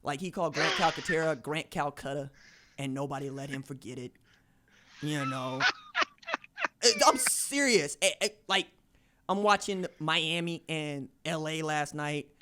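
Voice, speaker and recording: A man hosting a casual sports podcast, telling animated stories and acting out quoted voices. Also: fairly high pitch, unhurried, a little hiss or hum. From Tulsa, Oklahoma. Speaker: podcast host.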